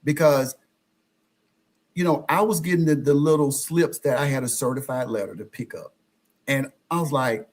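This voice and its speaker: A man who is a guest on a podcast, telling his own experiences with lively storytelling and often acting out what others said. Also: medium pitch, normal speed. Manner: animated, acts out quoted exchanges. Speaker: podcast guest, social media influencer. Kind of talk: conversational storytelling.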